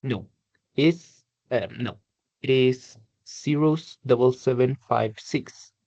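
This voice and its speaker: Slow gravelly man reading aloud. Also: medium pitch, a little mellow, dry recording. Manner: slow and hesitant, with fillers. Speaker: student. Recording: dull dry lo-fi mic.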